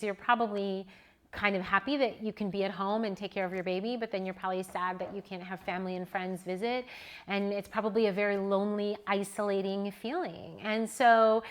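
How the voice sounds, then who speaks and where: A woman's voice: medium pitch, a bit bright. A middle-aged woman photographer speaking from home in an earnest, heartfelt monologue full of restarts. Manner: earnest, with restarts and rising emotion. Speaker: newborn photographer and educator.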